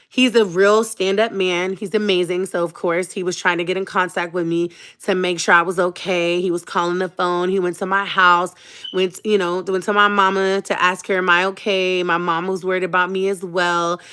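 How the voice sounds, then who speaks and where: A woman vlogging live to her viewers in an emotional storytime chat, her voice bright and forward. She talks in a dramatic, animated way, drops an emphatic "okay?" after her points, and addresses her audience as sis and y'all. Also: medium pitch, clean tone. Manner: speaks straight to viewers, calling them sis and y'all.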